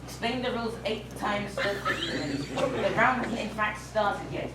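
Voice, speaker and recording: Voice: mid-range voice, moderate pace, close to an everyday voice. A young student playing a bossy, scheming male servant in an amateur school stage comedy. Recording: noisy echoey hall from far off.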